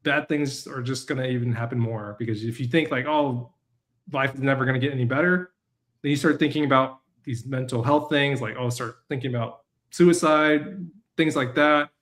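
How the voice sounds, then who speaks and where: A man's voice: medium pitch, moderate pace, a bit bright. A man being interviewed as a guest, speaking earnestly and encouragingly. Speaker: guest, resilience coach. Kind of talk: interview conversation.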